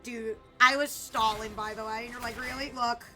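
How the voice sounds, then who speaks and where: A young adult woman streaming a game, chatting and commentating in an excitable way, swearing and yelling at teammates. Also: on the high side, moderate pace. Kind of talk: live gameplay commentary. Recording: game music in background. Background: game music.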